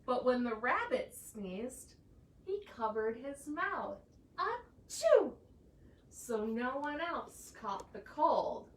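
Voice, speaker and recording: Woman reading a playful children's story. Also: a little high. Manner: animated, playful, unhurried. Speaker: church staff member reading to children. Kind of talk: children's story read-aloud. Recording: echoey room, distant mic, faint noise.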